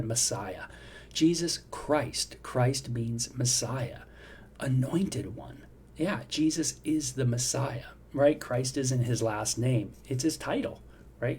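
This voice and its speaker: A middle-aged man talks through a Bible passage in a relaxed, conversational way, checking in with listeners as he goes. His voice is dark and mellow. A faint hum of ambience sits behind him. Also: mid-range voice. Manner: conversational, reflective, frequent "you know" and "right?". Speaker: devotional host. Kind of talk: devotional Bible teaching.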